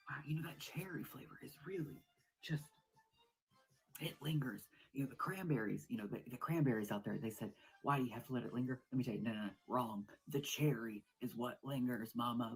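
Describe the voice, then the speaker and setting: A woman performing a comedic monologue at home, over-the-top excited and swinging between hushed whispers and loud exclamations. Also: very deep voice, a little fast, breathy edge, faint music behind, low-quality recording.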